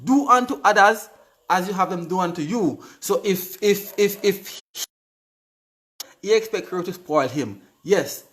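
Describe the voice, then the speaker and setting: A man's voice: high-pitched, expressive, a little slow, a bit bright. A Jamaican man hosting a live stream, chatting casually and reading out viewers' comments, often repeating his words. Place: indoors on live video.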